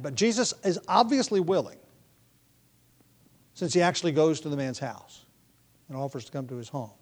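Thinking out loud through an expository Bible lesson, this teacher has a slightly high, mellow voice. He is thoughtful and self-correcting, with frequent restarts and fillers.

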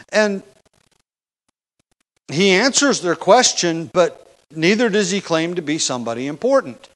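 A man's voice: a little high, big pitch swings, moderate pace, pauses often. A man teaching a Bible passage in a conversational sermon, with restarts and rhetorical questions. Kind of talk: expository sermon.

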